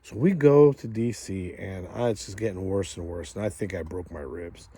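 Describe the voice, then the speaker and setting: A middle-aged man hosts and tells a funny story in a casual way. He chuckles as he goes and acts out the other people with big jumps in pitch. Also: moderate pace, warm tone, husky. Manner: chuckles through the telling. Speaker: host.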